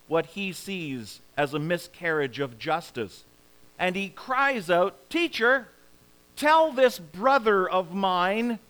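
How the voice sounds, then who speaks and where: Slow-preaching man with a high voice. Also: fairly bright tone, rough recording. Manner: slow, deliberate preaching with dramatic pauses. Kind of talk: sermon.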